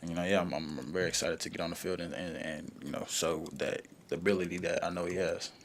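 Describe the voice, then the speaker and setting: A young man, a college football player, answering press conference questions in a relaxed way, full of "you know" and "um". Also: deep voice, fast talker, a little hiss or hum. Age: young adult.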